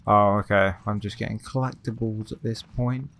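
A man with a Southern English accent and Australian slips, chatting excitably through a game and swearing a lot. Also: fairly low pitch, moderate pace. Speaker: let's play host. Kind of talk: casual gameplay commentary.

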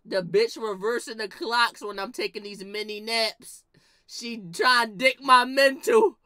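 Animated young woman telling a wild story. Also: moderate pace, no room sound, clean studio sound. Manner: swings from low mutters to shouted outbursts, acts out quoted lines. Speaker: comedic storyteller.

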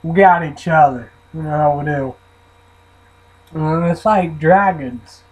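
Rambling guy vlogging, swears a lot, husky, kinda high voice. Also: slow pace, rough recording. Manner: rambling, profane, trailing off into mumbles. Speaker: vlogger reviewing an energy drink. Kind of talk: rambling casual vlog.

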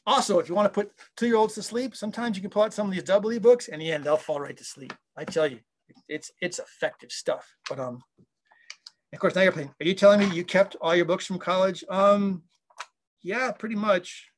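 A man in his fifties, an audio software engineer, chatting casually in an interview and rambling enthusiastically as he interrupts himself. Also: sits high, fairly even intonation, fairly quick, a little hiss or hum.

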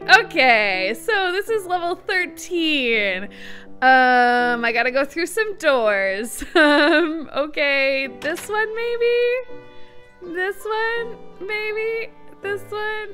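A woman hosting a gaming channel, chatting casually to viewers as she plays, excitable and nervous, cheering herself on. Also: very high-pitched, drawn-out words, soft background music. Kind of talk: casual let's-play commentary.

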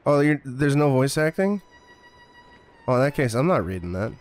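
A man's voice: mid-range voice, big pitch swings, normal speed, soft background music. A male streamer giving sarcastic, profane commentary while playing a game. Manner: sarcastic, profane, mock-scared.

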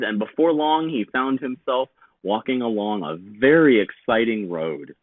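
A man, a teacher, reading a children's picture book aloud with slow, very expressive storytelling. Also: mid-range voice, dry recording. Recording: tinny phone-like sound, dry.

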